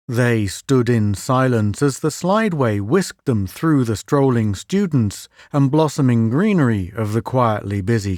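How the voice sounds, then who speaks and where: Guy narrating a sci-fi story, pitch jumps around a lot, dry recording. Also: darkish tone, dry recording. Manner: lifts pitch for quoted speech. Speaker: audiobook narrator. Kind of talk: scripted narration.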